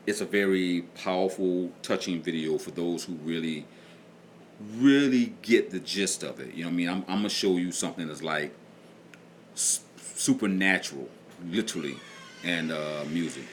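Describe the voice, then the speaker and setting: A man's voice: low voice, normal speed, slight background noise. A middle-aged man hosting a casual livestream, chatting in a laid-back way and reading out viewers' comments. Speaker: livestream host and music producer.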